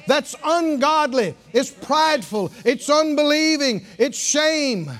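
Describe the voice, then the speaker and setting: A man preaching a sermon, drawing answers from his congregation and rising to shouts. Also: very high voice, lively intonation, slow.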